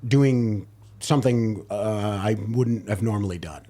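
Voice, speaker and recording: A man's voice: on the low side, a little slow, mellow. A man in his thirties, a stand-up comedian, talking casually on a podcast, rambling with lots of fillers and restarts. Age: 30s.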